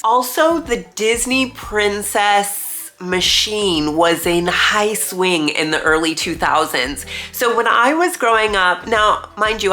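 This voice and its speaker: With a cold making her nasal and congested, this thirty-something vlogger, once a theme park performer, chats and reminisces to camera, laughing readily. Her voice is on the low side, bright and forceful.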